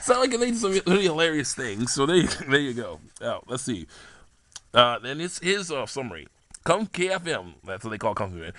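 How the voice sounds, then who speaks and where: A man's voice: mid-range voice, fairly bright tone, dry recording. A young man casually rambling about the game characters he makes, laughing often and restarting his sentences. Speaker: hobbyist game-character maker.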